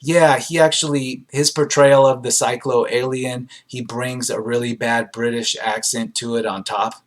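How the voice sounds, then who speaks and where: A man's voice: mid-range voice, level tone, moderate pace. Sarcastic man reading film reviews. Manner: sarcastic, dry asides with frequent ums. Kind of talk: casual commentary reading reviews aloud.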